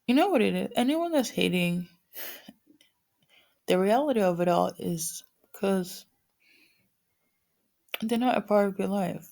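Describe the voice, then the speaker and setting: A woman's voice: mid-range voice, animated, a little slow, gravelly, long pauses, darkish tone. A woman with a morning voice giving a casual spiritual reading to viewers, rambling with many fillers and restarts. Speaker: spiritual reader.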